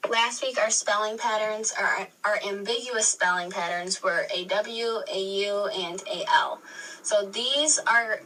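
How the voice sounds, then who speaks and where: A woman's voice: mid-range voice, a little slow, sharp tone. A woman teacher explaining a spelling lesson step by step, patiently restating and correcting herself. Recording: video re-recorded from a screen, distant mic.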